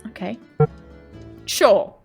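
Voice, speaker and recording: A woman's voice: extremely slow, soft background music. A woman giving playful, joking commentary over a video game playthrough. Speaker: gaming YouTuber. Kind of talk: let's-play commentary.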